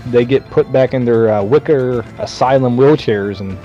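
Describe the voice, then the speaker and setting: A man's voice: mid-range voice, normal speed, dull audio, soft background music. A man co-hosting a podcast, retelling a movie in casual chat, swearing freely and putting on mocking voices for the characters. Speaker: podcast co-host.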